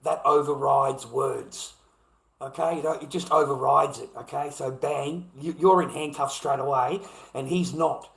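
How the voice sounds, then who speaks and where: A man's voice: medium pitch, steady tone, unhurried, gravelly, a bit bright, echoey room, poor audio. A man with an Australian accent, ranting heatedly to camera and swearing constantly as he repeats his points. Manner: profane, heated, repetitive.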